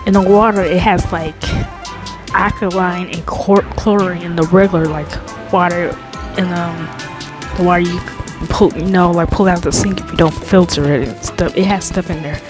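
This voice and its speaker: Young woman rambling thru a storytime, kinda low voice, lots of likes and ums, music going in the back. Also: steady tone. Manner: rambling, filler-heavy, talks slowly on purpose. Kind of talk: casual storytime monologue. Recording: background music under the voice.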